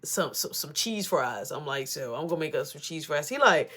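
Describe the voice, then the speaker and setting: A woman's voice: sits low, sing-song, normal speed, a bit bright. A woman telling a casual story, acting out both sides of the dialogue in a rambling, back-and-forth way. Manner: rambling retelling with many repeats of "I'm like".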